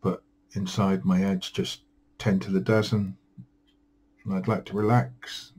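A man's voice: sits low, flat delivery, unhurried, a little mellow, low-quality recording. A tired man rambling through a home vlog, weary and self-deprecating, grumbling at himself. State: tired, yawning. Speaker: vlogger.

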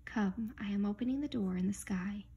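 A woman voicing a wise, gentle male lion in a husky, breathy whispered role-play. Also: medium pitch, muffled recording. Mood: gentle solemn. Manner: slow, tender, solemn.

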